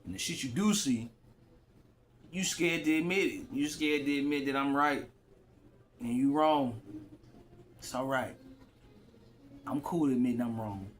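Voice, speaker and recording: A man's voice: medium pitch, measured pace, long pauses, a little hiss or hum. A man vlogging straight to his phone in loose, rambling slang, often repeating himself. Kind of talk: casual rambling monologue to camera.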